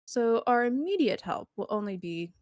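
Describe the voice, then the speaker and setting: A woman voicing a poised, scheming businesswoman who speaks in a smooth, measured, courteous way. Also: a little high, big pitch swings, darkish tone, no echo, studio quality. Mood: silky, businesslike.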